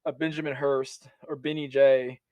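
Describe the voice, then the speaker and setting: A young man, an army veteran, telling stories as a podcast guest in a lively, casual way, laughing often and restarting sentences. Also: mid-range voice, normal speed, no echo, highs cut off. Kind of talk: casual storytelling.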